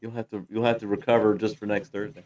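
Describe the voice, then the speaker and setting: A man's voice: lowish voice, little pitch movement, fast talker, a little mellow, a little hiss or hum. A man co-hosting a casual show, wryly teasing his partner while signing off. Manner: wry, wrapping up the show. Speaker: podcast co-host. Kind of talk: casual chat.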